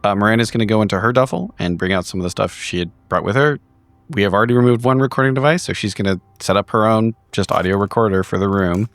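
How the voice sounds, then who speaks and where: A man playing a tabletop game, describing his character's actions in a calm, methodical way. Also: lowish voice, quick pace, dry recording. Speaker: player.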